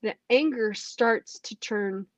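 A woman telling her personal testimony in a casual, animated way, acting out what she said back then. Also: a little high, slow, dry recording, lo-fi sound. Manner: animated, acts out her own past remarks. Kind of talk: casual storytelling.

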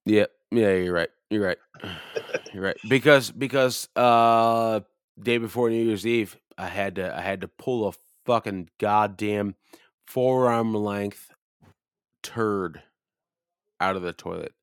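A man's voice: lowish voice, slow, clear, resonant tone, no room sound, studio quality. A drunk man co-hosting a podcast, rambling through a profane story and acting out the people in it. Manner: profane, loud, rambling, acts out the people in his stories. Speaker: podcast co-host.

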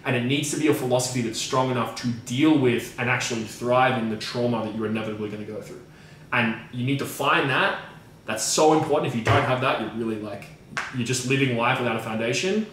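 A man's voice: mid-range voice, a little fast, fairly bright tone. A man co-hosting a podcast as a coach, talking emphatically with frequent swearing and repeated phrases. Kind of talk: casual podcast discussion. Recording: very echoey room, mic at a distance, faint noise.

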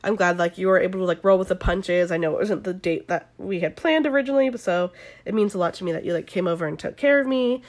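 A woman with the flu voicing a sincere young woman thanking her date, in a quick, earnest rush. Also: on the low side, lightly acted. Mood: grateful. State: sick with flu.

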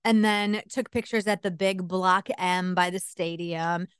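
A woman in her forties co-hosting a casual podcast, telling stories in an animated way and laughing often. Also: fairly low pitch, a little slow, clean tone, no echo, studio quality. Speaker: podcast co-host. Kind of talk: casual chat.

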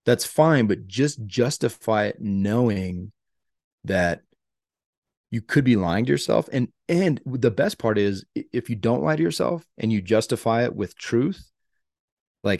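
A man's voice: on the low side, animated, measured pace, creaky, darkish tone, dry recording, studio quality. A man co-hosting a podcast, talking earnestly and motivationally in a casual chat, with lots of filler words. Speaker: podcast co-host.

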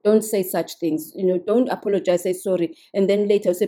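A woman talks straight to her listeners in a casual podcast monologue, earnest and instructive. Her voice is very dark and mellow, with a husky, breathy edge. She keeps checking that the listener is following. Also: medium pitch, fairly even intonation, a little fast. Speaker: podcast host.

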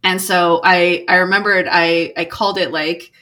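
A woman who works in video game development speaks in a fairly low, bright, forceful voice with fairly even intonation at normal speed. She chats casually and rambles, leaning heavily on fillers, especially "like."

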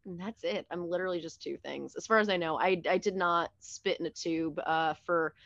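A woman's voice: lowish voice, brisk, a bit bright, dry recording, muffled recording. A woman guest in casual podcast chat, joking bluntly and swearing freely.

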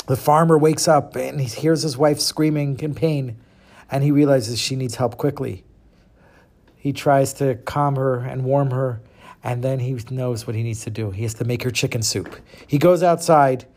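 Man retelling a fable casually. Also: a little high. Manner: casual, animated retelling with restarts. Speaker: storyteller. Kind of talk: spoken moral fable.

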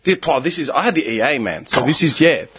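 A man in his thirties with an Australian accent, telling a story in casual chat, animated and swearing a lot as he acts out what people said. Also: on the high side, fast talker, husky.

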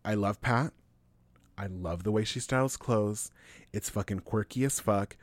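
A man's voice: fairly low pitch, measured pace, dry recording. An American man co-hosting a podcast, talking in a profane, emphatic, opinionated way. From United States. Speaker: podcast co-host. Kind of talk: casual chat.

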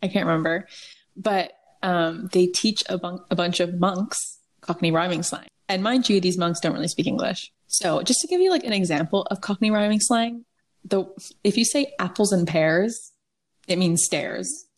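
Low-voiced woman chatting on a call. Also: normal speed. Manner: rambling, swears casually, many "like"s. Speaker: podcast co-host. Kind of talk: casual chat. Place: remote video call. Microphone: video call.

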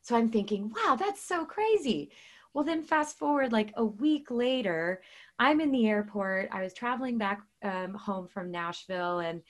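A woman's voice: medium pitch, normal speed. A woman guest and author talking casually about faith, earnest and chatty, with many fillers and restarts. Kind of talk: casual faith talk with storytelling.

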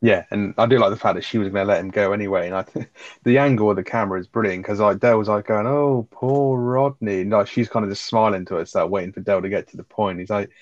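Fast-talking man, dull audio. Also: fairly low pitch, fairly even intonation, dry recording. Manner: quick, chatty, swears casually, sprinkles in "like". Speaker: podcast co-host. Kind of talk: casual chat recapping a sitcom episode.

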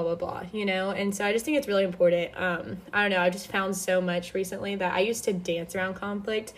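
Young woman, podcast host, chatty, lots of fillers, slightly low pitch. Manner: chatty, many fillers and restarts. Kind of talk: casual faith-based advice talk.

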